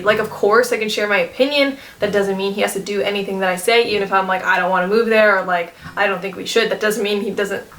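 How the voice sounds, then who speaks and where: A woman's voice: medium pitch, a bit bright, slight background noise. A young woman in her twenties talking casually to her viewers, rambling with lots of fillers and restarts, and close to tears at times. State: tearful, emotional. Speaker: vlogger. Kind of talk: casual chat to camera.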